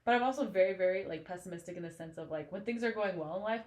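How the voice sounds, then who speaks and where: A woman co-hosting a book-club podcast, talking fast and with lots of animation. Her voice sits in a roomy, echoey space. She laughs easily between thoughts. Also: mid-range voice, a little mellow. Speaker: podcast co-host. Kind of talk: casual book-club chat. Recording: echoey room.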